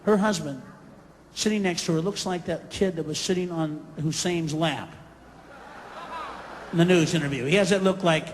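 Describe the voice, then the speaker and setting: A man's voice: on the high side, moderate pace, long pauses, noisy background. A man doing a stand-up comedy routine, ranting profanely and breaking into sudden screams, recorded live on stage. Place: live club or theater stage with audience. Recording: live concert recording, hall reverb, faint crowd.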